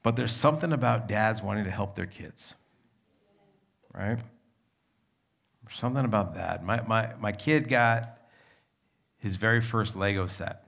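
A young adult male pastor preaching a sermon in a conversational, storytelling manner, with a gravelly voice. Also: on the low side, measured pace, long pauses, fairly bright tone.

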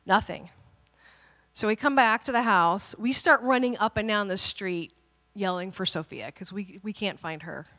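Woman pastor, 30s, bright storyteller from the pulpit, lively and a little self-mocking. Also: mid-range voice, moderate pace, big-room sound. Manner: animated, dramatic storytelling with playful asides. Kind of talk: sermon storytelling.

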